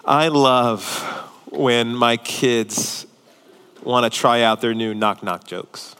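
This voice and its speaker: A man in his thirties, a pastor preaching a sermon with humorous storytelling and lively shifts in loudness. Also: medium pitch, slow pace, clean tone. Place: church hall. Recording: reverberant church hall.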